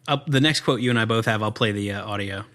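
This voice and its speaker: A man from Louisiana chatting on a movie podcast with his co-host. He talks fast and with eager, joking energy. His voice has a bright, forward ring. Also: fairly low pitch. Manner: enthusiastic, rapid, joking. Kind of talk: casual movie podcast chat.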